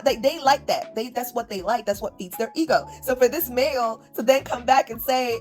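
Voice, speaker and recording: Mocking, slightly high-voiced woman commentator. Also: lively intonation, normal speed, faint music behind. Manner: mocking, scornful, repetitive. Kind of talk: reaction commentary.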